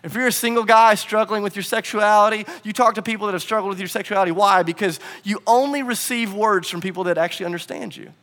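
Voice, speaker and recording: A man preaching a sermon as pastor, animated in his storytelling and acting out the quotes. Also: high voice, big-room sound.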